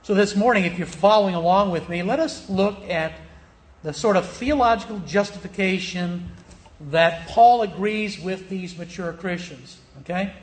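A man's voice: high voice, normal speed, echoey room. A male pastor preaching a sermon and reading scripture aloud. He speaks with emphasis, stretches key words and checks in with his listeners through rhetorical questions.

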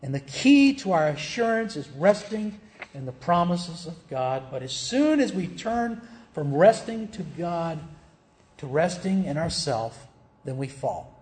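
A man with a somewhat high-pitched voice preaches a sermon as pastor. He keeps asking his listeners rhetorical questions and calls them beloved. He acts out the quoted speakers by pushing his voice higher and louder. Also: big pitch swings, measured pace.

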